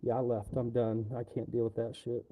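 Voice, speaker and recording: A man's voice: medium pitch, completely flat delivery, brisk, narrow, tinny audio. A man on a livestream, ranting casually in a rambling, profane way.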